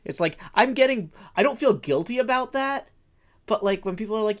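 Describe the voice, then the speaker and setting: A man's voice: high voice, lively intonation, fairly quick. Rambling man in casual chat. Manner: rambling, many restarts and fillers. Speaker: streamer and host.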